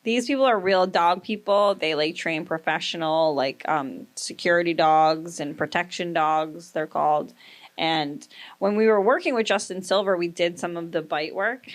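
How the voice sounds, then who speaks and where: A woman's voice: on the low side, normal speed. A woman in her thirties hosting a podcast, chatting casually and telling profane stories, often acting out the quoted lines. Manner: loose, profane storytelling with acted-out quotes. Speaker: podcast host. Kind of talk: casual chat.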